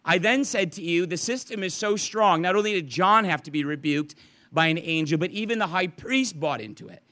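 A man's voice: sits high, a little fast. A man, a pastor, preaching a verse-by-verse evening sermon in an earnest, conversational way. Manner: conversational, earnest, animated with restarts.

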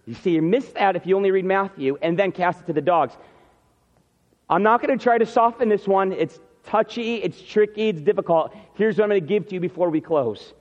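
A man's voice: high-pitched, fairly quick, a little mellow. A man preaching a sermon, retelling the scene and acting out what the people say. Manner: storytelling, acts out scenes. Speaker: pastor. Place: church sanctuary. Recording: muffled hall reverb.

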